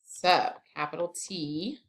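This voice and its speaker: A woman's voice: fairly low pitch, slow, fairly bright tone. A woman teaching a grammar lesson, explaining each step in a chatty way with casual asides.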